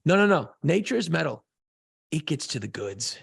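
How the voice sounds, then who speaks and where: A man co-hosting a podcast, telling a profane, excitable story in casual chat. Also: a little high, moderate pace, dry recording, clean studio sound. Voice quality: gravelly, husky voice. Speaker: podcast co-host.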